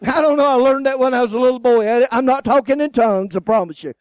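A man's voice: very high voice, fast talker, no room sound, muffled recording. A man. He tells stories with jokes and acts out the voices in them, and the recording is close and dry with no room sound. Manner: animated, joking storytelling with laughs and acted-out voices. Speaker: guest preacher. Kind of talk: sermon.

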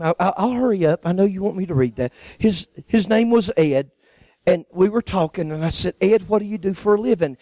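A man preaches a sermon testimony, telling a personal story like a folksy storyteller and acting out the voices of the people in it. His voice sits high with a darkish tone, in a rough recording with no room sound.

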